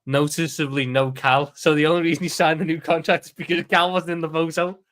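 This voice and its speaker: A man's voice: a little high, little pitch movement, a little fast, a bit bright. A man with a Scouse accent, co-hosting a football watchalong in casual, sweary, joking banter. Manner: blunt, sweary, jokey banter. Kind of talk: casual chat.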